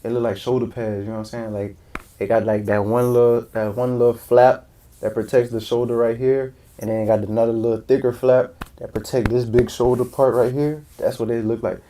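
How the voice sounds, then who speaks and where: A man streaming and reacting live in casual chat, talking in loud, profane slang. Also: mid-range voice, flat delivery, fairly quick.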